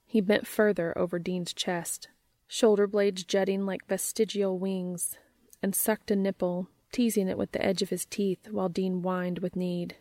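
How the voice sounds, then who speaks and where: Woman reading a story out loud, low gravelly voice, steady and even, dry close sound. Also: a little slow, no room sound. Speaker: reader.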